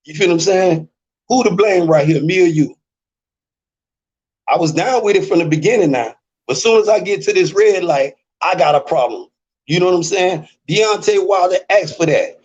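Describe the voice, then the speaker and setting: A man with a Memphis, Southern US accent speaks at normal speed in a rather high, animated voice with a darkish, husky tone. As a co-host and debate guest in a casual debate, he rambles in a laid-back way, dropping fillers like "you know what I'm saying." The audio is muffled and lo-fi.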